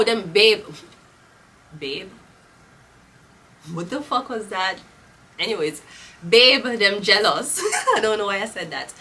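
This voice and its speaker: A woman's voice: mid-range voice, pushed and bright, slight background noise. A woman with a Jamaican accent reading tarot cards in a casual, blunt, profane way, slipping into patois. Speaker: tarot reader. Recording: voice a bit off-mic.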